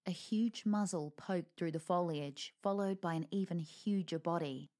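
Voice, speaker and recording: A woman's voice: on the low side, unhurried, darkish tone. A woman reading a lighthearted fantasy story aloud with wry narration.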